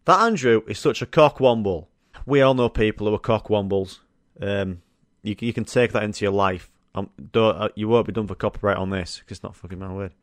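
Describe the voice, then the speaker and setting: A man's voice: lowish voice, brisk, no echo. A young man hosting a solo podcast, chatting casually and swearing through rambling stories. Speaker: podcast host.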